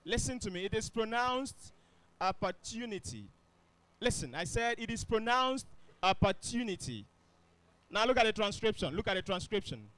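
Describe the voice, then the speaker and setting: A man's voice: sits high, animated, brisk, fairly bright tone, dry recording. A man teaching grammar to a classroom, often asking the students if they follow. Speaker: English teacher. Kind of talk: classroom lesson.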